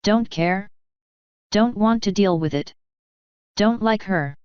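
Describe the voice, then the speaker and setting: A woman's voice: medium pitch, slow pace, darkish tone, smooth, no room sound, muffled recording, lightly acted. Woman reading an icy, furious unicorn mare. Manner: clipped, cold and cutting.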